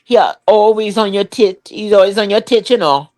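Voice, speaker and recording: A woman's voice: medium pitch, moderate pace. An older woman, a comedian guest, telling candid, profane stories in an interview and acting out the people in them. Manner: profane, animated storytelling with voiced quotes.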